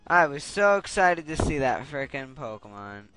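A man's voice: mid-range voice, big pitch swings, moderate pace, fairly bright tone, smooth, no room sound, faint music behind. A young man commenting on his gameplay in a casual, irritated way, swearing and rambling. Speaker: let's play gamer.

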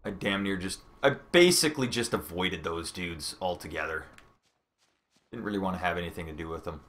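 A Canadian man commentating a video game live, excitable and swearing often. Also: low voice, brisk. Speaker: let's play streamer. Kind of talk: casual gameplay commentary.

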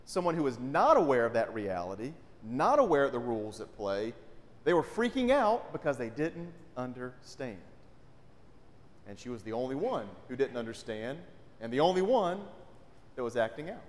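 A man's voice: medium pitch, big pitch swings, normal speed. Man preaching in a reverberant church. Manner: conversational, frequent rhetorical "right?". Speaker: pastor. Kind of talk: sermon. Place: church sanctuary.

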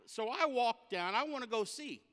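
Male guest preacher, comic storyteller, high bright tone, long hall reverb. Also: animated, moderate pace. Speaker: guest speaker. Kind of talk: humorous sermon storytelling. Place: church sanctuary.

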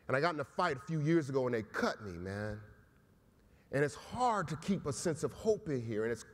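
Gentle-giant male inmate, put on by a man, earnest street talk, slightly raised voice, hall echo. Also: fairly high pitch, lightly acted. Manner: casual street talk, calls everyone man. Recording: echoey hall.

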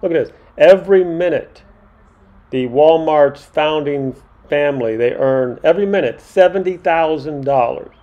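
A man's voice: fairly high pitch, normal speed, dull audio. A middle-aged man vlogging to camera, ranting indignantly and repeating himself for emphasis. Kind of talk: monologue to camera.

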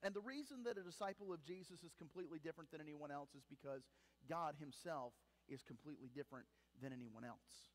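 A man preaching a sermon to his congregation, with emphatic rises and sudden quiet drops. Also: fairly high pitch, quick pace. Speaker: pastor. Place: church sanctuary. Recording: long hall reverb.

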